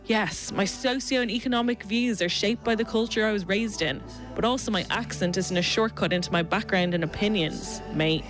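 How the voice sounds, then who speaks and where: A woman's voice: mid-range voice, moderate pace, hardly any pauses, over music, lightly acted. A woman with a South Dublin Irish accent voicing a snobby young South Dublin man, posh and drawling. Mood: lecturing.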